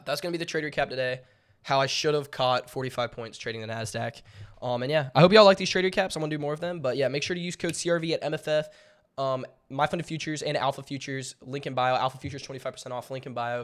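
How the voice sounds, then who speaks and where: A young man with a lilt, talking casually through a trade recap with lots of fillers and repeated words. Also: mid-range voice. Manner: jokingly theatrical. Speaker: day trading channel host.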